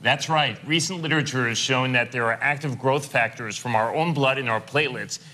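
Bright-toned male dermatologist guest. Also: medium pitch. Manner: measured, explains in clinical terms. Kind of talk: studio interview.

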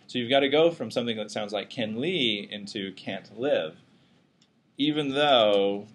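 A man's voice: mid-range voice, a little hiss or hum. A man teaching a psychology class, lecturing casually and joking with his students. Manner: casual, joking, self-deprecating.

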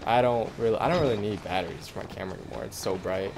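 A man's voice: fairly low pitch, rapid-fire, darkish tone, slight background noise. A young man doing casual commentary over a horror game, jumpy and swearing, with frightened yelps. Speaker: gaming YouTuber. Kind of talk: horror let's-play commentary. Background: game music.

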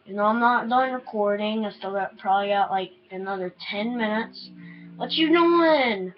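A young woman commentating her own shooter gameplay, swinging between easy chatter and yelling and swearing at other players. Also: medium pitch, normal speed. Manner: excitable, yelling and swearing at opponents. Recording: dull lo-fi sound.

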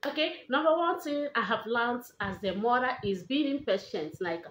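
A young Nigerian woman with a Nigerian accent chatting on her vlog and giving advice in an animated way, repeating herself for emphasis. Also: a little high, moderate pace, echoey room. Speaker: vlogger.

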